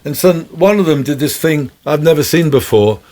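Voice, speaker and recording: A man's voice: fairly high pitch, expressive, normal speed, dark tone. Man, guest musician, anecdotal storytelling, rambling and chuckling.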